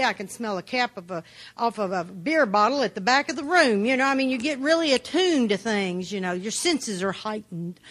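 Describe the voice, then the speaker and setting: A woman's voice: a little high, a bit bright. A woman giving a personal testimony talk, telling her story bluntly and plainly with dry humor. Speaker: speaker sharing her recovery story.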